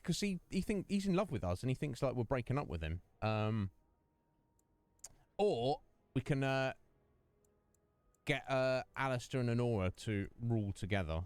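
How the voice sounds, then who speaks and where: A man's voice: mid-range voice, very animated, moderate pace, pauses often, no room sound. A man hosting a casual game livestream, chatting and joking with viewers in a rambling way. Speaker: streamer and host. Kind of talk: casual livestream chat over gameplay.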